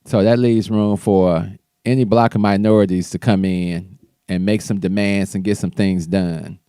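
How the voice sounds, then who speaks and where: A man's voice: low voice, fairly even intonation, moderate pace, warm tone, clear, resonant tone, no echo, clean studio sound. A man hosting his own show, casually talking through political commentary in a loose, conversational way with restarts. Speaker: show host.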